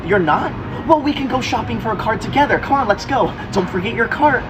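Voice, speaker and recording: A woman's voice: fairly high pitch, lively intonation, a little fast, heavy background noise. A young woman performing a comedy skit to camera in a pushy, entitled and sarcastic way. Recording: loud music under the voice. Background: loud music.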